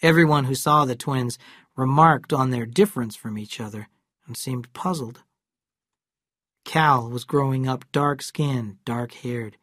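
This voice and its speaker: A narrator reading a classic novel aloud in slow, clear, evenly paced English for learners. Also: medium pitch, fairly bright tone, no echo, studio quality.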